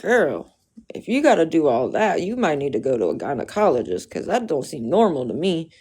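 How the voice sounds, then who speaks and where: A woman's voice: low voice, big pitch swings, brisk, dark tone, breathy edge. A young woman livestreaming, talking casually to her chat and venting with plenty of swearing.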